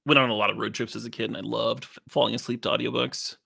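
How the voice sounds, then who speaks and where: A man co-commentating a card game, relaxed and quick to laugh, often asking questions. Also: medium pitch, gravelly, slightly rough.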